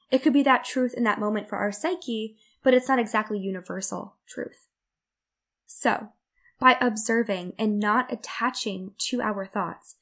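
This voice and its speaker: A woman hosting a self-development podcast, talking earnestly in a reflective monologue and acting out the worried inner voice in her examples. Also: a little high. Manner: earnest, acts out inner-voice quotes. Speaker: podcast host.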